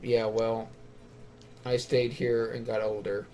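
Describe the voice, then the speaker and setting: A man's voice: lowish voice, little pitch movement, slow pace, darkish tone, slight background noise. A man playing through a story game, reading the characters' dialogue aloud and then picking which line to go with. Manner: reads out dialogue choices, then picks one. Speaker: let's play gamer.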